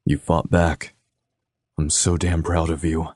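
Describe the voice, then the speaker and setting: A man voicing a gruff, protective young man. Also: a bass voice, level tone, takes it slowly, a little mellow, no room sound, studio quality, exaggerated voice. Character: protective young man, restless and guilt-ridden. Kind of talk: audiobook character voice.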